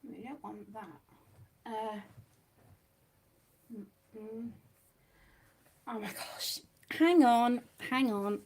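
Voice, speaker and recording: High, slow, creaky woman. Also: a little mellow. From United Kingdom. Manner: flustered, talks to herself while working, calls viewers sweetheart. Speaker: livestream host. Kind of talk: chatty craft livestream.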